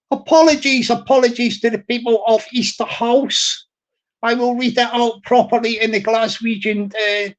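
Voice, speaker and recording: A woman hosting a casual live stream, chatting in a rambling way and laughing often while reading the chat. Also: medium pitch. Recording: dull lo-fi stream audio.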